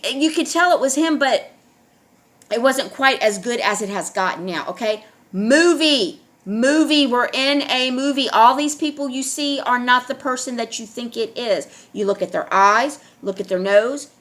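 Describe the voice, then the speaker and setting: A woman's voice: sits high, fairly bright tone. A middle-aged woman talking straight to her viewers in a casual monologue, insistent and pressing her points with repeated checks like "all right?". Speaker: online video host.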